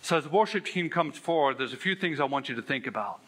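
A man's voice: fairly high pitch, expressive, quick pace, fairly bright tone, husky. A man pastor preaching a sermon, telling a candid, self-deprecating story with earnest emphasis. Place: church sanctuary.

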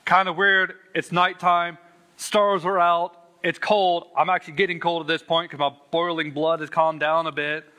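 A man's voice: on the high side, level tone, normal speed, pushed and bright. A man earnestly telling his personal faith testimony, stressing words and repeating them for weight. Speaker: Christian sharing a testimony.

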